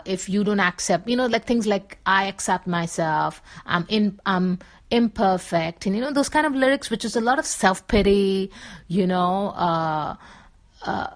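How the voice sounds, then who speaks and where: A woman talking casually and rambling, with many fillers and restarts. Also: mid-range voice. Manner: sings pop lyrics in breathy snatches. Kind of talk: casual talk to camera.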